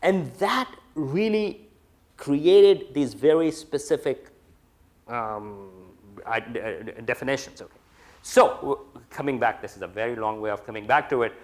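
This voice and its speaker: A man's voice: mid-range voice, animated, measured pace. A man giving an academic lecture, talking in a discursive way with many fillers and restarts. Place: lecture room.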